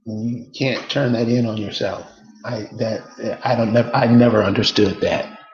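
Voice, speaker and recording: A man's voice: fairly low pitch, steady tone, a little slow, a little mellow, reverberant, highs cut off. A man delivering a casual, emphatic monologue to his viewers, repeating rhetorical questions over and over. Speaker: online commentator.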